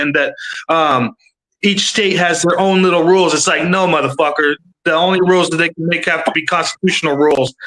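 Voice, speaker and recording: A man with a fairly high, very bright and forceful voice rants on a video-call livestream. He rambles, stacks filler words and swears freely in loose casual chat. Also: poor audio. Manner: rambling, profane, many fillers. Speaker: panel commentator.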